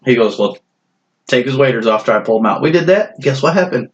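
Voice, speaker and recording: A man's voice: mid-range voice, animated, brisk, highs cut off, a little hiss or hum. A man, a guest on a podcast, telling a funny story in casual chat, laughing and swearing as he goes. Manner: laughing, swearing, tells stories with voices for other people.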